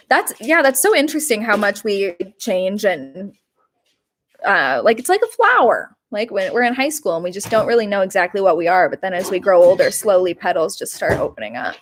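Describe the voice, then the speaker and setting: A woman's voice: medium pitch, expressive, normal speed, a little hiss or hum. Young woman, twenties, live-stream host, casual chat, laughs often, dramatic about small mishaps. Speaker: YouTube livestream host.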